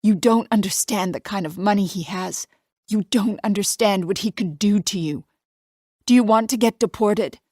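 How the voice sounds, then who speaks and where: A woman voicing a frightened young wife held captive, who pleads in a strained, high tone in an audiobook. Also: normal speed, darkish tone, dry recording, studio quality, natural voice. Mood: pleading.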